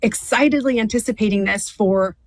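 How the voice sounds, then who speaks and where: A woman's voice: mid-range voice, brisk, no echo, poor audio. A woman zoo official answering interview questions enthusiastically, with frequent "uh" and "you know" fillers.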